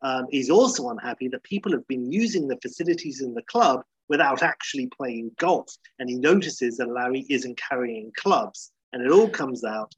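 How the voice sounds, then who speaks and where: A man retells a comedy episode in a loose, chatty way, filled with ums and uhs. His voice is husky and mid-pitched. The sound is dry and close. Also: animated, moderate pace, hardly any pauses, no room sound, poor audio. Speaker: comedy recapper.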